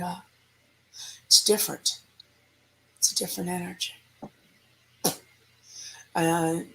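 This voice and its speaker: Woman with a gravelly, fry-laced voice. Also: lowish voice, a little hiss or hum, rough recording. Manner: animated storyteller who acts out quoted lines; casual, conversational, with restarts. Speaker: paranormal investigator. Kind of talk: telling a story in an interview.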